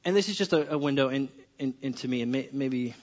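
A male pastor preaching a sermon, acting out his conversations with God in an animated storytelling way. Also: mid-range voice, fast, muffled recording.

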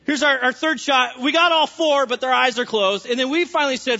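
A man preaches in a church sanctuary in a high, bright, pointed voice. He tells stories playfully and breaks in with jokes. The sound carries a long hall reverb and comes across slightly dull and lo-fi. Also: a little fast, gravelly. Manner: animated storytelling, humorous asides. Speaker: pastor. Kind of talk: sermon.

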